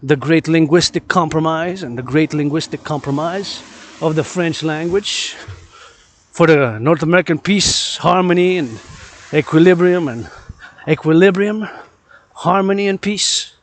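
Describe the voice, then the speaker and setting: A man from Quebec talks into a handheld phone while he moves around a city outdoors. His voice sits a touch high, and he speaks in a rambling, impassioned way, repeating words and phrases as he preaches. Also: unhurried, a little hiss or hum. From Quebec, Canada. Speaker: vlogger. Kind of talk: rambling outdoor vlog monologue.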